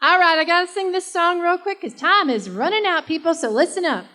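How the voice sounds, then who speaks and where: Stand-up comic, woman, high voice, brash crowd-working delivery. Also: animated, a little fast, pushed and bright. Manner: brash, chatty, works the crowd. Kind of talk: stand-up comedy set. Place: live comedy stage.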